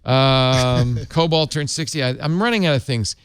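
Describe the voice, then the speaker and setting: A man's voice: fairly high pitch, lively intonation, brisk, fairly bright tone, dry recording, studio quality. A man hosting a casual tech panel chat, joking and rattling through news items. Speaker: host.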